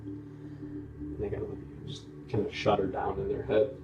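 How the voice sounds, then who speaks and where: A man's voice: on the low side, monotone, normal speed, highs cut off, over music. A man running a tabletop game as dungeon master, describing scenes at an easy pace and calling for dice checks. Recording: roomy sound from a distant mic.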